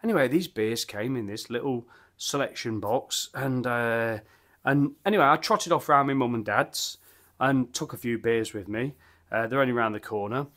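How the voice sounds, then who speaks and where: A man's voice: mid-range voice, normal speed, fairly bright tone. A man, chatting enthusiastically and rambling as he reviews beer at his home bar. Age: 50s. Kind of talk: casual vlog chat.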